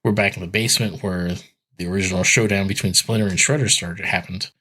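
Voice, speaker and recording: A man's voice: low-pitched, fairly even intonation, fast talker, sharp tone. A man co-hosting a podcast, casually recapping a cartoon episode in a rambling, filler-heavy way. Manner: rambling, filler-heavy retelling with acted quotes. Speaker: podcast co-host.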